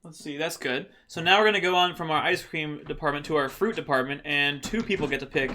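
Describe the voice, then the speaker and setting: A man's voice: fairly high pitch, quick pace, pushed and bright. A man hosting a livestream, chatting playfully and laughing as he reads viewer comments. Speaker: livestream host. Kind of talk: casual chat reading viewer comments.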